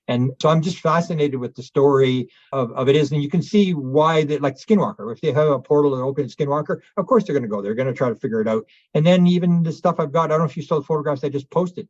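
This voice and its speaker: A man, a guest telling a rambling story fast, acting out the other speakers and restarting often. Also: fairly high pitch, darkish tone, no echo. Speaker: guest, UFO researcher. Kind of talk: animated anecdotal storytelling. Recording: dull lo-fi audio.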